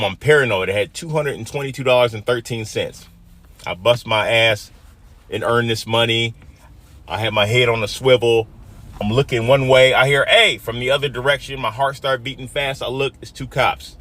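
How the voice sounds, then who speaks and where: A man in his fifties from Detroit recounts a personal story in a mid-pitched, ordinary voice. His telling is emotional and dramatic, swinging between hushed, low moments and loud, heated ones. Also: fairly even intonation, moderate pace. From Detroit, USA.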